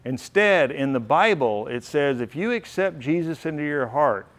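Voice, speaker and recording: A middle-aged man speaks at a banquet hall, telling stories earnestly and from the heart. His voice sits a little higher than most men's. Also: lively intonation, normal speed, fairly bright tone. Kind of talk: storytelling speech.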